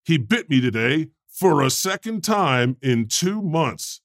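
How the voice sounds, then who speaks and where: Casting: a man as a chatty comedic God, very bouncy pitch, dry close sound. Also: takes it slowly, gravelly, no echo, exaggerated voice. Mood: joking. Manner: animated, joking storyteller. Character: God, a chatty, joking male deity. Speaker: podcast co-host. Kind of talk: comedic improv podcast.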